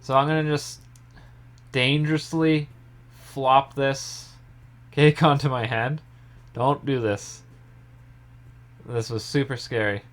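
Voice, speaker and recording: A young man in his home kitchen, calmly explaining each step of a pie recipe in a casual tutorial. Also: medium pitch, slow, pauses often. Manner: relaxed step-by-step explaining, trailing off softly. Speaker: home baker.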